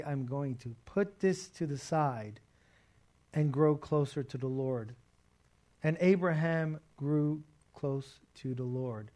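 A man's voice: fairly high pitch, a little mellow. Emphatic conversational male preacher. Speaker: pastor. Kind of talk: sermon.

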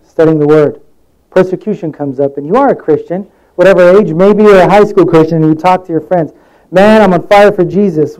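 A man's voice: on the high side, dark tone, poor audio. A man giving a sermon in a conversational way, telling stories from his own life and acting out the voices in them. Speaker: preacher.

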